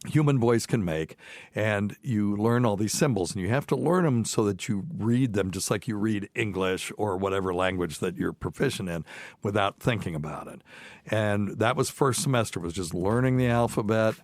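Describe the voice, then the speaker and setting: Middle-aged male podcast host, light Southern accent, low voice, dry close sound, folksy and rambling. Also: normal speed, dry recording. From mountains of North Carolina. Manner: rambling, folksy, many fillers and restarts. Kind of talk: casual chat.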